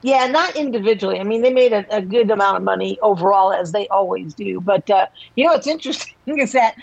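A woman's voice: mid-range voice, quick pace, gravelly, darkish tone, rough recording. A woman guest journalist chatting casually and easygoing, with light laughs. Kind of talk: casual chat.

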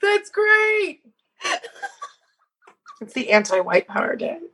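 A woman's voice: very high voice, very animated, slow, sharp tone, low-quality recording. A woman in her thirties, co-hosting a casual chat, retelling a story about messages with lots of laughter and fillers. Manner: giggly, reads messages aloud with frequent fillers.

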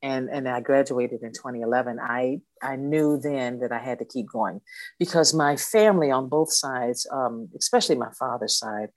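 A woman in her sixties, appearing as an interview guest, tells her story with animation and acts out the voices of the people she quotes. Her voice is extremely low and a bit mellow, at a moderate pace. There's no room sound on the recording.

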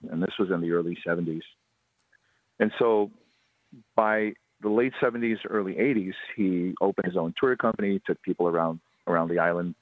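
Brief: storyteller, lower voice, steady pace, tinny dry phone line. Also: male voice, a little fast, no echo. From Hawaii. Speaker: ghost tour guide, guest. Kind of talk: ghost story telling on radio.

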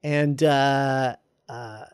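A man casually retelling a film script as a podcast host, halting with lots of ums and uhs. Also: medium pitch. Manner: halting, full of ums and uhs, reads quoted lines flatly. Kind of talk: casual chat.

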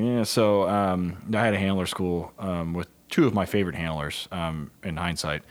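Deep-voiced profane canine trainer. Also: male voice, steady tone, normal speed. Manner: profane storyteller, acts out quotes. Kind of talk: casual podcast chat.

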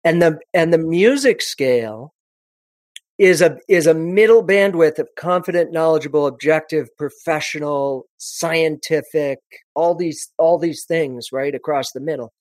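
A man with a slightly high voice talks through presenting in an animated, expressive way, often restarting his sentences mid-thought. His voice is recorded dry and close, with no room sound around it. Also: a little slow, no echo. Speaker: presentation coach guest. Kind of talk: conversational podcast interview.

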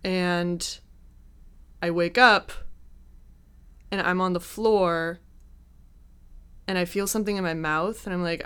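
A young woman casually telling a personal story, chatty and quick to laugh at her own mishaps. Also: fairly low pitch, steady tone, a bit bright, smooth.

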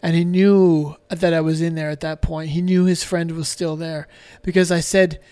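A man speaking as a podcast guest, telling his story candidly in a halting, emotional way with many restarts and some casual swearing. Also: a little high, little pitch movement, mellow, smooth, no room sound.

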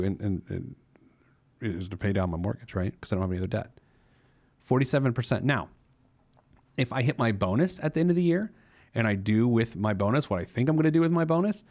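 A podcast host dispenses money advice in a casual, playful monologue, cracking jokes and laughing at himself. His voice is medium-pitched and a little mellow.

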